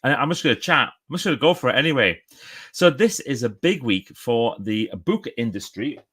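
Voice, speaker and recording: A man's voice: medium pitch, big pitch swings, fairly quick, fairly bright tone, breathy edge. A middle-aged man chatting enthusiastically on a live stream from his book-lined home office, often stopping and restarting his sentences. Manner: chatty and enthusiastic, self-interrupting. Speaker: author and speaker. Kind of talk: casual live-stream chat. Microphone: phone or camera for a live stream.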